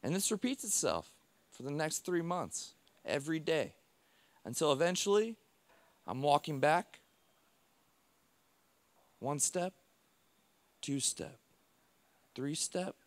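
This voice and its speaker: A man's voice: on the high side, big pitch swings, no echo. Heartfelt man telling a personal story. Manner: heartfelt, in short halting phrases. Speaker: speaker. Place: stage before a live audience.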